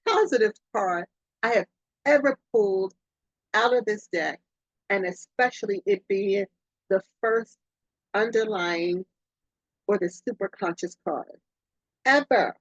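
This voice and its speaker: Brief: effusive woman host reading oracle cards, husky and breathy, on a dull, dry home recording. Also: slow, long pauses, dry recording. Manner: effusive, excitable, swoops up and down in pitch. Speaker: podcast host, oracle card reader. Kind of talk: casual spiritual card reading.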